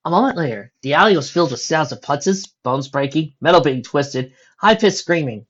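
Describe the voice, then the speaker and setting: A woman's voice: deep voice, expressive, normal speed, few pauses, highs cut off. A woman reading a fan story aloud in plain narration, with small slips. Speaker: reader of fan fiction.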